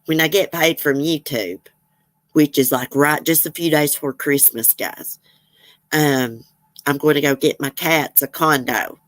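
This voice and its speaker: Woman host, low voice, rambling chatty livestream talk, dry close sound. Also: fairly even intonation, measured pace, fairly bright tone, dry recording. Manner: chatty, rambling, laughs often. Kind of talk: casual chat reading viewer comments.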